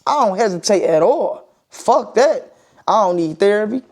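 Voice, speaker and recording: A man's voice: sits high, lively intonation, normal speed, darkish tone. Blunt, profane young-sounding man venting. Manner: blunt and profane, repeating points, emphatic. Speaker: vlogger giving opinions. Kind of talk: casual opinion monologue.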